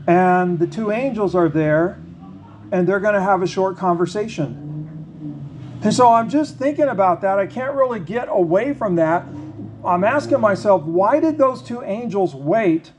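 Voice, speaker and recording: A man preaching a sermon, reading scripture slowly and then talking it through in a conversational, questioning way. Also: sits high, darkish tone, a little hiss or hum. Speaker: pastor.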